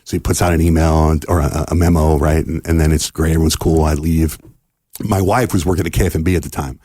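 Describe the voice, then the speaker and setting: A man's voice: extremely low pitch, quick pace, husky, no echo. A middle-aged man from the United States, a radio host, telling a long story casually and acting out the people in it. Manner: animated storyteller acting out quoted dialogue. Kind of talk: casual storytelling in a podcast interview.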